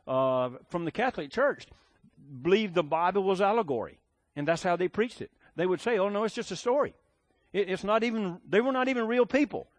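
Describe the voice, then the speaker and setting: High-voiced preacher man, dry sound. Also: no echo. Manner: folksy storytelling with fillers and restarts. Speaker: pastor. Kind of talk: sermon.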